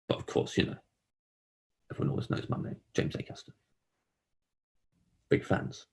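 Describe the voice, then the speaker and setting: A man performing a rambling, self-deprecating stand-up monologue, often jumping up high to act out other people. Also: moderate pace, a little mellow. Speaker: comedian.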